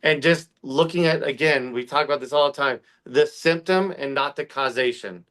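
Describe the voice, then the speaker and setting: A man co-hosting a casual podcast, ranting fast and heatedly with lots of swearing. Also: medium pitch, fairly bright tone. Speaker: podcast co-host. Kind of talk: casual political podcast chat.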